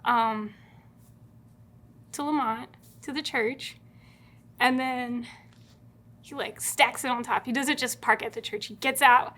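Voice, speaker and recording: A young woman with a high, light voice tells her love story in a studio. She is bubbly and giggly and jumps into quoting herself and her partner as she goes. The talk is casual and chatty throughout. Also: steady tone, slow pace, long pauses, sharp tone. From California. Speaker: bride-to-be telling their love story. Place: video studio.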